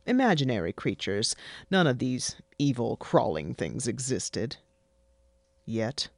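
Deadpan fiction reader, takes it slow, really dry studio sound. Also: mid-range voice, no echo. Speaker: story narrator. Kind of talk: scripted fiction narration.

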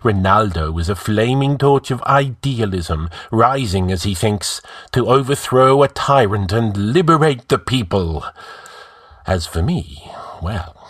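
A man's voice: sits low, no room sound, studio quality. A man voicing an arrogant, scheming male outlaw who gives orders in a commanding, scornful way.

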